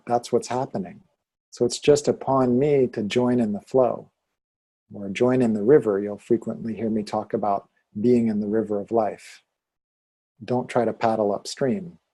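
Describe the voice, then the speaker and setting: A man teaching yoga philosophy and Sanskrit pronunciation in a calm, deliberate way, leading students to repeat after him. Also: medium pitch. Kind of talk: slow, calm teaching with call-and-repeat chanting.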